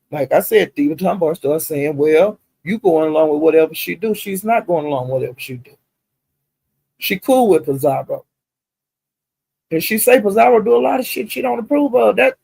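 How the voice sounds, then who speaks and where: A woman's voice: fairly low pitch, gravelly, a little mellow, breathy edge, no room sound. An older woman with a Southern US accent, hosting a live stream and ranting in a profane, indignant, emphatic way. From Southern United States. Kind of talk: casual live-stream rant.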